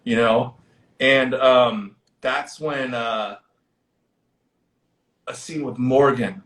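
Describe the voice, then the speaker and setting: A man hosting a casual movie discussion on a livestream, animated and profane as he retells scenes. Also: medium pitch, extremely slow, reverberant. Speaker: podcast host.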